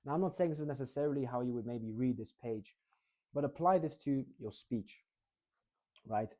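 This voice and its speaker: An eighteen-year-old man coaching public speaking in a casual, energetic tutorial, demonstrating fast, slow, low and high reading. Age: teens.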